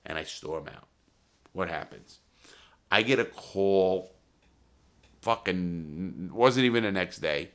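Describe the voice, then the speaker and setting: A man telling crime stories in a casual, profane, blunt street manner, with restarts and sudden loud quoted outbursts. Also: sits low, slow pace, pauses often. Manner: swings into loud acted quotes. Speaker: storyteller.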